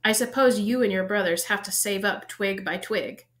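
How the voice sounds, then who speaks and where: A woman's voice: mid-range voice, normal speed, a bit bright, lightly acted. A woman voicing a spiteful, sneering schoolboy who snaps at his rivals. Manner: snappy and sneering.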